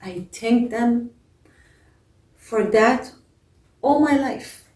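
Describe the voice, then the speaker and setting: A gentle, grateful old man, the town's pious miser, as a woman storyteller puts him on, speaking in slow, soft, pleading tones. His voice sits a little high and drifts in from across a roomy, echoing space. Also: animated. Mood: tender, serene. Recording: echoey room, voice from a distance.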